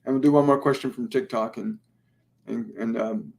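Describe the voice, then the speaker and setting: A man hosting a live spiritual Q&A as a medium, speaking gently and soothingly, often repeating his phrases and pausing on ums. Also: medium pitch, creaky. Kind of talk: livestream channeling session.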